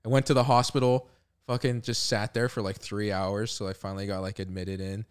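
A young man tells a long story on a podcast with friends. His voice is smooth and clear and sits a little low. He is laid-back, swears freely and leans on "like" between phrases. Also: level tone, fairly quick. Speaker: podcast co-host. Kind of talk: casual storytelling chat.

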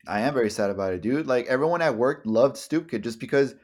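A man's voice: medium pitch, expressive, fast talker, a crowd in the background. A young man co-hosting a casual podcast chat, rambling and swearing often, with many stammered restarts. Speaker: podcast co-host.

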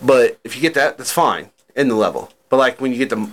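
A man's voice: medium pitch, expressive, a little fast. A man co-hosting a podcast, talking loosely about video games with lots of swearing and filler words. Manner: loose, profane and chatty, with fillers like "like" and "uh". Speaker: podcast co-host. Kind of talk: casual chat.

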